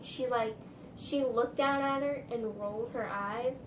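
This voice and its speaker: A woman's voice: a little high, a little slow, roomy sound, recorded from a distance, a little hiss or hum, rough recording. A woman vlogger telling a casual storytime, rambling, with lots of "like" and "um". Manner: chatty, rambling, full of "like" and "um".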